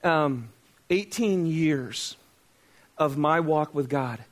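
Middle-aged guy pastor, fairly high voice, chatty sermon, pokes fun at himself. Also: extremely slow. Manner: conversational, self-deprecating, asks the congregation questions.

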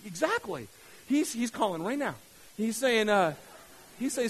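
Fired-up high-voiced male pastor preaching. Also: expressive, a little slow, long pauses, low-quality recording. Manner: fired-up, repetitive, stammering restarts. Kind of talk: sermon.

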